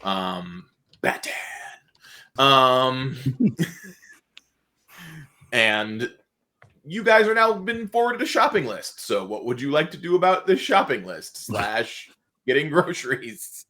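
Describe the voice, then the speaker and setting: Bright-voiced male game master. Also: mid-range voice, sing-song, slow pace, long pauses. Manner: casual and rambling, with many restarts and chuckles. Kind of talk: running a tabletop game on a livestream.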